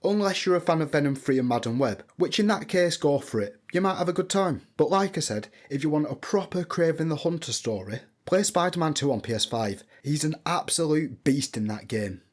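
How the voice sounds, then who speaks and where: A man's voice: a little high, expressive, fairly quick, hardly any pauses. A man reading a scripted film review in a blunt, opinionated way that includes swearing.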